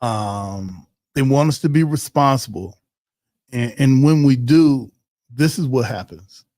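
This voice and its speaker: A man talks through a community livestream in a loose, joking way, shouting out viewers in the chat and stumbling through fillers as he goes. His mid-range voice sits close to the mic with no room sound at all. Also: mid-range voice, a little slow, no echo. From Ohio. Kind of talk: casual livestream chat, reading viewer comments.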